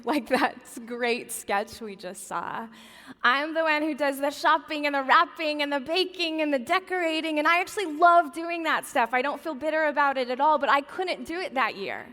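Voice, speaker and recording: This woman in her forties has a high, sharp voice and a moderate pace, and the sound carries the feel of a big room. She's the guest speaker at a Christmas event in a large church auditorium, delivering a comic, chatty talk full of self-deprecating personal stories.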